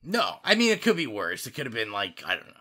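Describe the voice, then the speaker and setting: Very bright-voiced man hosting a podcast. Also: mid-range voice, huge pitch swings, quick pace. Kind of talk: casual film discussion.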